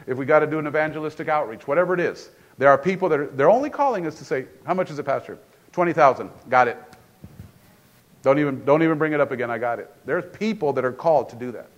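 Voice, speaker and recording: A man preaching a sermon in a church in a casual, conversational way, often repeating and restarting phrases. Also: a little high. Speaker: pastor.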